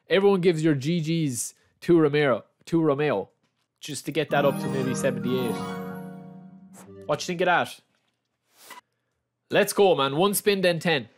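Animated Irish man streaming pack openings. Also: on the high side. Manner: repeats his exclamations, calls the audience lads. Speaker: game streamer.

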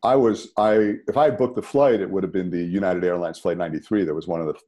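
A man, a podcast guest telling a personal story in a conversational, animated way. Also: sits low, fast. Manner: animated, rises sharply when emphatic.

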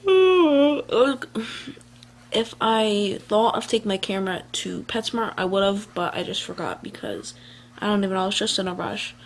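A woman's voice: medium pitch, fairly quick, creaky. A woman talking casually to her phone camera at home in a meandering vlog, full of fillers and restarts. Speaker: vlogger. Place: at home, indoors. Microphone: handheld phone camera.

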